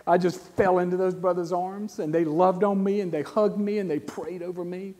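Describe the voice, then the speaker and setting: A man, preaching a sermon and telling a personal story, his voice swinging from hushed to loud. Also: sits high, normal speed, hardly any pauses. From South Carolina. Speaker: guest preacher. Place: church sanctuary. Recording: long church reverb.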